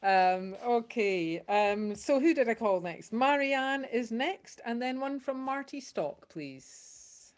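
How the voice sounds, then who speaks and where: Unhurried woman host on a video call. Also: on the high side, lively intonation. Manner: unhurried, with frequent ums. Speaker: host of an online folk session. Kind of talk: casual hosting on a video call.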